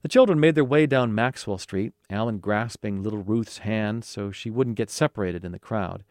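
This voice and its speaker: A man narrating a children's storybook with an expressive, animated reading. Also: lowish voice, normal speed, no echo, clean studio sound.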